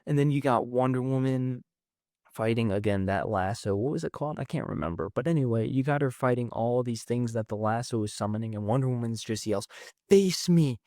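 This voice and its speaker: Excitable man recapping a comic, dry sound. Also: medium pitch, a little fast, no room sound. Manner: excitable, rambling, quotes characters with "he's like". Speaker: comics recap channel host. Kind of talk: casual comic book recap.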